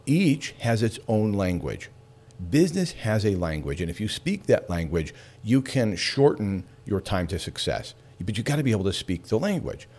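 A man hosting a radio talk show, chatty and animated, laughing between points. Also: lowish voice, normal speed.

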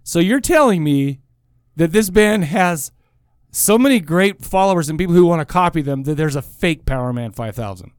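A man co-hosting a podcast in casual chat, joking and quick to laugh. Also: fairly high pitch, lively intonation, clean tone, no echo, studio quality. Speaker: podcast co-host.

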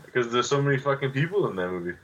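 A man's voice: mid-range voice, very animated, rapid-fire, a bit bright, muffled recording. A man co-hosting a podcast, chatting casually with playful jokes and swearing. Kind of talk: casual chat.

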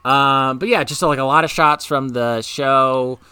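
A man's voice: medium pitch, fairly even intonation, unhurried, sharp tone, clear, resonant tone, no room sound. A man co-hosting a podcast, chatting casually in a rambling way with lots of filler words. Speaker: podcast co-host. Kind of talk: casual chat.

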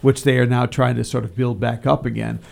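Guy with a gravelly voice on local radio, rambly, lots of restarts and jokes. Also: mid-range voice, flat delivery, fairly quick, a little mellow. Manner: rambling, many restarts and fillers, jokey. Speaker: cultural council member, guest. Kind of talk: radio talk show chat.

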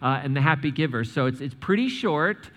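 A man preaching to his congregation as pastor, animated, stumbling over and restarting words, speaking straight to the people in the pews. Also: on the high side, fairly quick, big-room sound. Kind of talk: sermon with church announcements. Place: church sanctuary.

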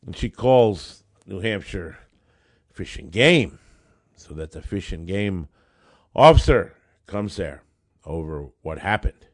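A man who is a lawyer telling a case story in an animated, conversational way, acting out the dialogue. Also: deep voice, takes it slowly, pauses often. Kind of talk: storytelling monologue.

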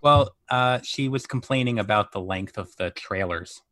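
A man in casual chat, telling anecdotes in a lively way. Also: lowish voice, moderate pace. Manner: lively, laughing anecdote teller.

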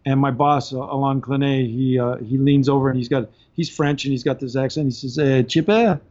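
A man telling a story on a podcast in a casual, animated way, laughing between points, heard on slightly dull audio. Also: mid-range voice, fairly quick. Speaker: podcast guest.

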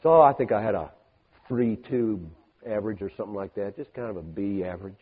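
An older man preaching a sermon as a pastor, emphatic, moving from soft asides to rising peaks. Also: lowish voice, fairly quick, breathy edge. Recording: hall reverb on a thin, phone-like band.

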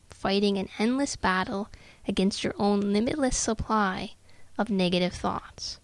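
A woman hosting a self-help podcast, speaking in a slow, measured and soothing way that sometimes sinks to a near-whisper. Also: mid-range voice, no room sound. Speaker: podcast host.

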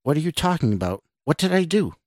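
A man's voice: mid-range voice, sing-song, normal speed, no room sound, clean studio sound, voice pushed up. A man voicing a frightened young man in a nightmare who pleads in panic, in a spoken horror story. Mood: bewildered.

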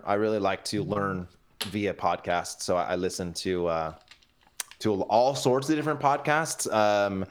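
A man talking as a podcast guest in casual chat, with lots of inflection and plenty of fillers. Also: lowish voice. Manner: animated, inflected delivery with many fillers.

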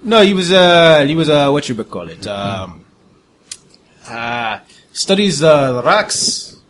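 A man voicing a chatty old village woman with a put-on Russian accent, halting and hunting for words. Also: fairly high pitch, big pitch swings, a bit bright, full character voice. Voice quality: rambling, halting, hunts for words.

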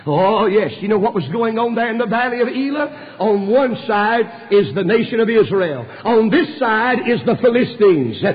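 Raspy high-voiced preacher. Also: male voice, expressive, normal speed, few pauses. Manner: impassioned storytelling preaching with frequent "uh" fillers. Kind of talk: fervent sermon. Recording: dull recording with long hall reverb.

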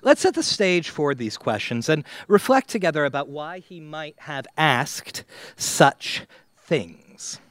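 A man preaching a sermon to his church, slow and dramatic, with long pauses and swings between loud and quiet. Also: fairly high pitch, big pitch swings, no echo. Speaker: pastor.

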